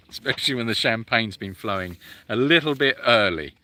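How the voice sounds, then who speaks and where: A man's voice: medium pitch, lively intonation, moderate pace, sharp tone, a little hiss or hum. A man hosting a casual live-stream Q&A for an animal sanctuary. He chats and teases while reading out viewer comments, with frequent ums.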